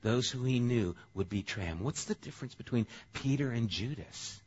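A male pastor preaching a sermon in a conversational, animated way. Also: mid-range voice, normal speed, slightly rough, dull audio.

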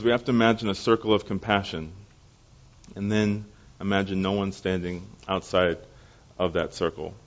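A young man preaching as a pastor, telling personal stories in a lively way and acting out the people in them. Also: on the low side. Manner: animated storyteller, acting out voices. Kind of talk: storytelling sermon. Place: church service. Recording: dull lo-fi recording.

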